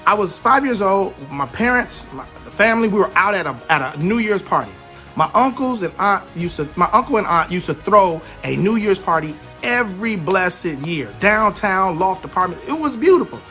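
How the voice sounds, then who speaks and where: A man's voice: sits high, normal speed, faint music behind. A man in his forties giving an emphatic motivational talk on parenting, telling stories from his own life. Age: 40s. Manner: emphatic, animated storytelling. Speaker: parenting speaker.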